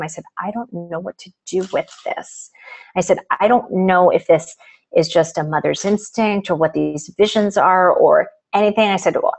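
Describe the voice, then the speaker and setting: Low-voiced woman telling a story. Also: low-quality recording. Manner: animated storytelling with quoted dialogue. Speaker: author guest. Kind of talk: storytelling in a live video interview.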